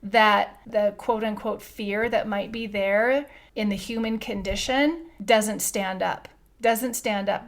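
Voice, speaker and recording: A middle-aged woman hosting a podcast, telling a personal story in an earnest, reflective way with frequent restarts. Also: mid-range voice. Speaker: podcast host.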